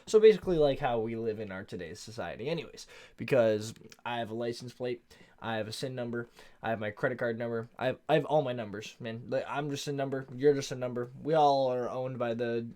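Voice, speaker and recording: A man's voice: medium pitch, fairly quick, warm tone. A tired man talks his way through a show recap late at night and yawns along the way. His delivery is loose and rambling, full of slang, and it keeps drifting off topic before he pulls it back. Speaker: show reviewer. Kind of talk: casual recap chat.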